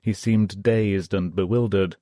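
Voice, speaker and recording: A man narrating a history audiobook in a steady, measured reading. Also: lowish voice, dry recording, studio quality.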